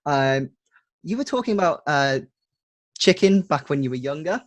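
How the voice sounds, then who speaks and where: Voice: medium pitch, lively intonation, moderate pace, no room sound. Playful host. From the Wirral, England. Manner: playful, teasing questions with many "um"s. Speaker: podcast host. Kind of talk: casual interview.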